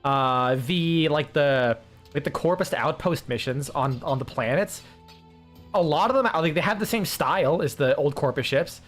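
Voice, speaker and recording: A man with a slightly high voice talks through his gameplay in a loose, rambling way. He swears freely and leans on filler words. Faint game music plays underneath. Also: moderate pace, a bit bright. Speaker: streamer. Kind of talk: casual gameplay commentary.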